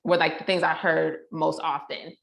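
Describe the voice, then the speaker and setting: A woman guest on a podcast, chatting casually and telling animated stories about her family. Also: low voice, normal speed, creaky. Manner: animated storyteller who acts out family quotes. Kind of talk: casual chat. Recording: roomy echo.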